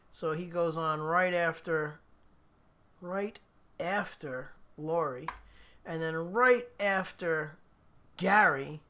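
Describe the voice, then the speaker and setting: Male stream host, casual chatter, unhurried delivery, bright timbre, frequent laughs. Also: fairly high pitch. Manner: chatty, laughs often, reads viewer comments. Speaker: livestream host. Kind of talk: casual chat.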